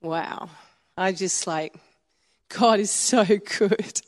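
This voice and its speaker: A woman's voice: medium pitch, drawn-out words. Australian woman pastor, echoing hall. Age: 50s. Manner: warm storytelling, conversational with frequent chuckles. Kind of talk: sermon. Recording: long hall reverb.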